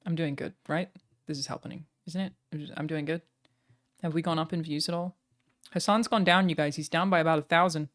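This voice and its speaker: A woman's voice: low-pitched, steady tone, a little fast. An Australian woman livestreamer chatting casually with her viewers, joking and self-deprecating.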